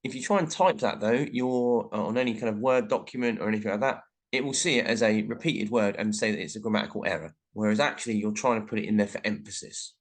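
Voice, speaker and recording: A man's voice: fairly low pitch, quick pace, hardly any pauses. A male teacher explaining language features in a recorded lesson, reading out example sentences as he goes.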